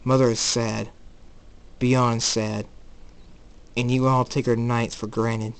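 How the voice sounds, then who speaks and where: A brooding young pony prince gone dark, as a young man reads him, speaking intensely and flaring into loud shouts. The voice stays close to the reader's own, ordinary in pitch. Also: little pitch movement, slow pace. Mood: bitter.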